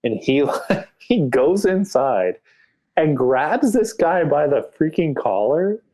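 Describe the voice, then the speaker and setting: A man's voice: on the high side, big pitch swings, takes it slowly, mellow. A man telling a story as a podcast guest, rambling casually with lots of filler words. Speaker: podcast guest, graphic artist.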